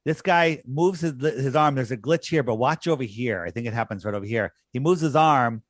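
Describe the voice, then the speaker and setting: A man's voice: mid-range voice, brisk, no echo, studio quality. A man talking in an emphatic, scornful way on a podcast, repeating his points for effect. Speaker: podcast guest. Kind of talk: conversational podcast argument.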